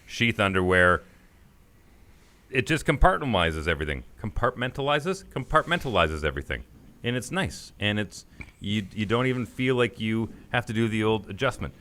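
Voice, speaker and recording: A man's voice: on the low side, big pitch swings, normal speed, bright, forceful tone. A man co-hosting a podcast, chatting casually and joking, sometimes slipping into goofy quoted voices. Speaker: podcast co-host. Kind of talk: casual chat.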